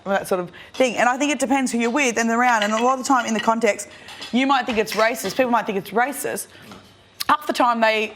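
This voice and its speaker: Aussie girl rambling at a dinner, lots of likes, kinda high voice. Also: a bit bright, a little hiss or hum. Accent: Australian. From Australia. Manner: casual rambling, many likes. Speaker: housemate.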